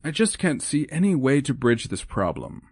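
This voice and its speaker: A man's voice: mid-range voice, wildly swooping pitch, moderate pace, darkish tone, husky, no echo, pitched above the performer's own voice. A man voicing a lonely, proper older woman in an audiobook, formal and hesitant in speech. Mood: wistful, formal. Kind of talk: audiobook character voice.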